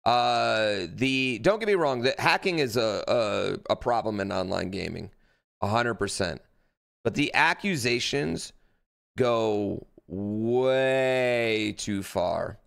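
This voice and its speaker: A man's voice: fairly low pitch, expressive, slow pace, vocal fry, fairly bright tone, clear, resonant tone. A man streaming live, reacting in a blunt, rambling way, with lots of fillers and swearing. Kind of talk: casual livestream reaction chat.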